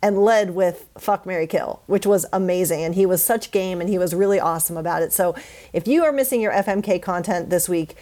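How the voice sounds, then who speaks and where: A woman's voice: fairly low pitch, a little fast, mellow. Upbeat woman hosting a casual podcast. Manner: upbeat, casual swearing, reads the outro. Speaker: podcast co-host.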